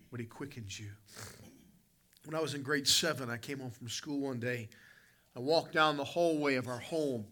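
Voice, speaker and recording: In a church sanctuary, a pastor with a mid-range, fairly bright voice preaches an evening sermon. He tells his congregation a folksy, vivid personal story.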